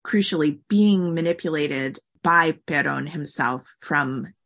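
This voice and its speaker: A woman's voice: deep voice, slow, fairly bright tone. A woman talking as an interview guest, explaining at length in a chatty way, often saying "like" and acting out quotes. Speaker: guest expert. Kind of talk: conversational interview.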